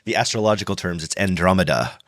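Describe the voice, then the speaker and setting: Low, bright-voiced male podcast host. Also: normal speed. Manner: chatty, joking, asks long questions. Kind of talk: casual podcast interview.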